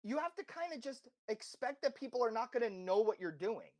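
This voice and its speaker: A man's voice: very high voice, big pitch swings, a little fast. A man with a slight accent, a podcast guest giving impassioned, rambling advice with many restarts and self-corrections. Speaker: interview guest. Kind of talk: casual podcast interview.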